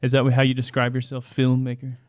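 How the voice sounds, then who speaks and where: A man's voice: medium pitch, completely flat delivery, fairly quick. Bantering male podcast host. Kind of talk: casual comedy podcast chat.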